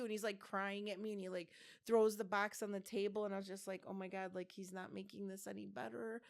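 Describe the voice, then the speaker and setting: Here a woman in her fifties, co-hosting a podcast, wanders through a lengthy personal story full of fillers and false starts. She speaks at a normal speed in a mid-range, fairly bright voice with fairly even intonation.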